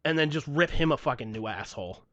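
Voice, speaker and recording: A man's voice: on the high side, fast, no echo, lo-fi sound. A young man on a podcast, casually telling a story full of swearing and acted-out dialogue. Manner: profane, animated storytelling. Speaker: podcast host. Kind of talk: casual chat.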